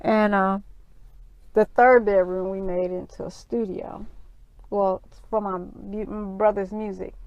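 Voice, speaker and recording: A middle-aged woman earnestly telling a personal story in her vlog, halting often with fillers. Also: mid-range voice, steady tone, darkish tone, dry recording, muffled recording. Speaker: vlogger.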